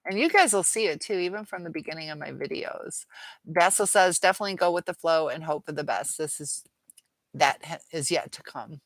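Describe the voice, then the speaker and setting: Chatty middle-aged woman with gravelly voice. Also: low-pitched, a little fast, dry recording. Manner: chatty, rambling, laughs often. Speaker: live-chat host. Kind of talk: casual livestream chat reading viewer comments.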